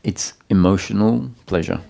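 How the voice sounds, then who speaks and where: At a satsang, a deep-voiced, gravelly man teaches with unhurried calm. He keeps pausing and restarting, feeling his way toward the right words as he explains.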